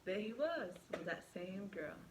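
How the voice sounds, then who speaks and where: A woman's voice: medium pitch, measured pace. A young woman recounts a personal story for her vlog in a casual, chatty way, talking directly to her viewers. She slips into the voices of the people in the story as she goes. Her voice sits in a middle range, with a faint hiss in the background. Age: young adult. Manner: animated storyteller who acts out quoted dialogue. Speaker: vlogger.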